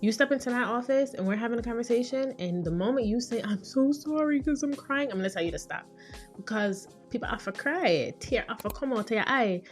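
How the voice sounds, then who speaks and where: A woman's voice: on the high side, fast talker, soft background music. A woman in her thirties hosting a podcast as a therapist, talking in a chatty, conversational way and sometimes acting out the people she quotes. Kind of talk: casual advice monologue.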